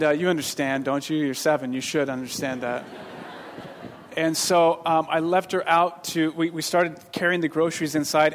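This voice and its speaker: A man's voice: on the high side, fairly bright tone. A man in his thirties preaching, telling a rambling personal story with self-deprecating jokes and lots of restarts. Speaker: pastor. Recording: long reverb of a hall.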